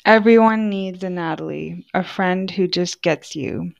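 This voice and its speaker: Young female podcast host, slightly low voice, chatty and sincere monologue. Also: unhurried, vocal fry, lo-fi sound. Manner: casual, heartfelt, lots of "like". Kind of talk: personal monologue.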